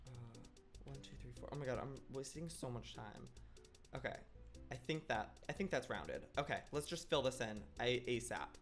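Excitable young man gaming, wildly animated. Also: medium pitch, moderate pace, soft background music. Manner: excitable, dramatic, shrieks in mock outrage, silly exclamations. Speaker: gaming YouTuber. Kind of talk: let's-play game commentary.

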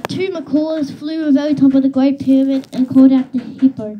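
Woman, children's book reading, expressive storytelling, high pitch, dull lo-fi sound. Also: brisk, a little hiss or hum. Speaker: reader.

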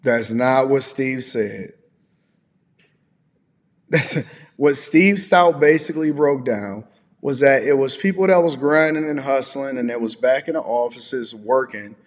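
A man hosts a livestream and reacts to a clip with exasperated, blunt remarks and casual swearing. His mid-pitched voice trails off into a long reverb. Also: moderate pace. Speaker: livestream host. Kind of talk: reaction commentary.

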